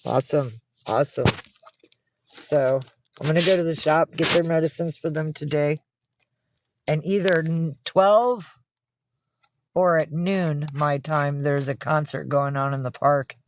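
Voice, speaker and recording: A woman's voice: sits low, fairly even intonation, unhurried, pauses often, a little hiss or hum. A woman in a recorded video talking to her cats in coaxing, sing-song baby talk. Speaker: cat owner filming herself.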